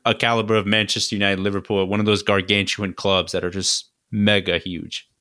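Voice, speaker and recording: Easygoing man with a fairly low voice. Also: little pitch movement, a little fast, sharp tone, clear, resonant tone, no echo, studio quality. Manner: easygoing, hesitant, many fillers like "um" and "you know". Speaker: podcast co-host. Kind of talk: casual sports chat.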